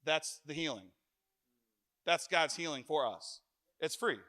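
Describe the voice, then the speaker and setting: A middle-aged man preaching a sermon in church, telling stories with jokes and lively animation. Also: fairly high pitch, unhurried. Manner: animated, joking storyteller.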